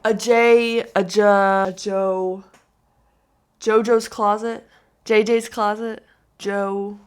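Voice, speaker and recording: A woman's voice: medium pitch, level tone, very slow, clear, resonant tone. A young woman in her twenties talks through viral clips with mocking disbelief and easy giggles. Her voice sits in a comfortable middle range, casual and chatty. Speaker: commentary vlogger. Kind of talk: reaction commentary.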